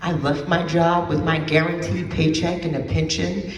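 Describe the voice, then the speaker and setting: A woman's voice: fairly low pitch, level tone, normal speed, a little hiss or hum. A woman giving an emphatic personal testimony as a keynote speaker at an event, repeating phrases for effect. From New Jersey. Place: event hall. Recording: roomy hall from a distance.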